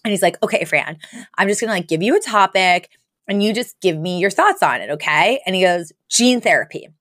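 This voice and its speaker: This podcast co-host speaks a little fast in a mid-range voice, chatting casually as she recounts a sitcom episode. She tells it in an animated way, voicing the characters' lines amid laughter, and the studio sound is clean with no echo.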